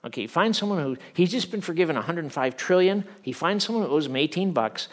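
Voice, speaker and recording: Animated man preaching a sermon. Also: a little high, quick pace. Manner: animated, swings from loud acted quotes to hushed earnest tones. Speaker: pastor.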